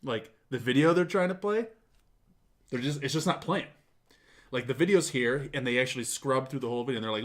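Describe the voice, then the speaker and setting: A man hosting a casual talk show, retelling events in an animated, profane way and mimicking the people he quotes. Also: mid-range voice, fairly quick. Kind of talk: casual chat.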